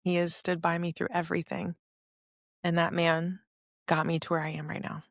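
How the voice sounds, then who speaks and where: A woman's voice: lowish voice, flat delivery, normal speed, creaky, no room sound, clean studio sound. A woman of about forty hosting a podcast, telling her personal testimony in an earnest, emotional, confessional way. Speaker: podcast host.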